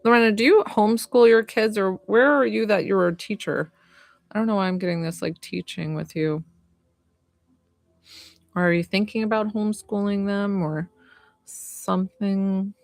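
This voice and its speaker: A woman working as a medium and healer, talking gently and unhurriedly to viewers during a live-stream reading and healing session, with frequent fillers. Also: mid-range voice, steady tone, moderate pace, gravelly, no echo.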